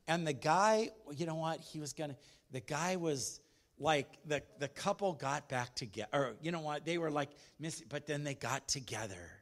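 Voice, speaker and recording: A man preaching as a pastor in a church, rambling and chatty with many restarts, moving from hushed storytelling to loud exhortation. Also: on the high side, normal speed. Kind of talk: sermon.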